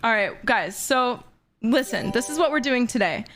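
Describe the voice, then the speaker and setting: A woman's voice: fairly high pitch, animated, moderate pace, a bit bright. A woman in her twenties streaming casually, reading fan messages aloud in a bubbly, giggly way. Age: 20s. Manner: bubbly and giggly, often breaking into laughter.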